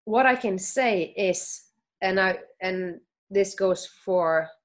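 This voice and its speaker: A woman's voice: mid-range voice, takes it slowly. A woman in a candid conversation, searching for words at first, then speaking earnestly and reassuringly. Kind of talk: candid conversation about grief.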